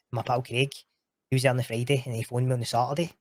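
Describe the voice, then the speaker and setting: A man with a Scottish accent, a guest telling stories in casual chat, animated and sweary. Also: medium pitch, very fast, no room sound, studio quality. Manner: animated, sweary, quotes others in raised voice.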